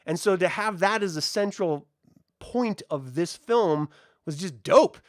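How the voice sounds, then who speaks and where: A man talks through a film review in a casual, joking way, his voice sitting a bit high and moving up and down a lot. The sound is dry and close, with no room echo. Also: unhurried. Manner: animated, joking, chatty. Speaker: host.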